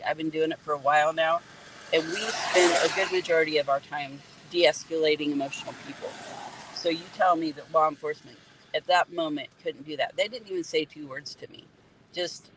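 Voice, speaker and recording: A woman's voice: deep voice, fairly even intonation, fairly quick, fairly bright tone, low-quality recording. Earnest middle-aged woman giving a detailed roadside account from her car, faint traffic hum. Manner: earnest, detailed, points out spots on the road. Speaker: EMT and grieving mother. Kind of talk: emotional first-person account at a roadside. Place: in a parked car by a road, rainy night.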